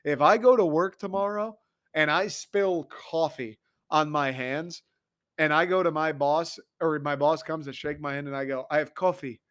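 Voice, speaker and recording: Excitable profane American podcast man. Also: a little high, moderate pace, smooth. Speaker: podcast host. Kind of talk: casual solo rant.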